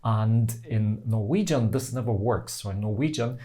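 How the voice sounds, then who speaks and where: A man teaching pronunciation, explaining patiently and sounding out example words slowly. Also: lowish voice, mellow. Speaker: language teacher.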